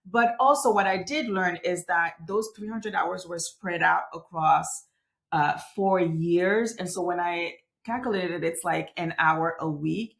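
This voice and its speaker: A woman's voice: on the low side, unhurried, vocal fry, a bit bright. A woman guest from Haiti, a native French speaker, talking in an interview in an emphatic, agreeable way. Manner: agreeable, emphatic, frequent affirmations. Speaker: guest, language coach. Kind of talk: conversational interview.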